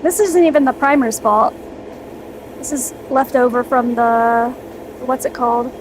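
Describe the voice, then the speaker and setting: A high-pitched young woman chatting on a livestream from her hobby room, unhurried and relaxed as she works, full of upbeat little cheers. A steady hum of air conditioning and an airbrush runs under her voice. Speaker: streamer. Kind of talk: casual livestream chat while airbrushing miniatures.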